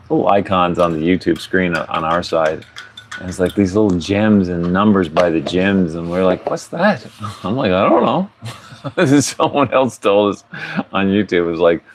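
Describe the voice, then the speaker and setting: A man's voice: low-pitched, a little hiss or hum. A man hosting a casual livestream podcast outdoors, rambling and chuckling often as he talks. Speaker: podcast host. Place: outdoors at a tiny home under construction, pigs nearby.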